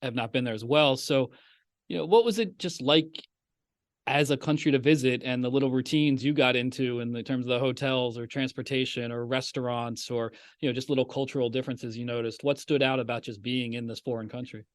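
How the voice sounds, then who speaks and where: A man's voice: medium pitch, fairly even intonation, fairly quick, no echo, studio quality. A man co-hosting a podcast who asks questions in a casual, curious way. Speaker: podcast co-host.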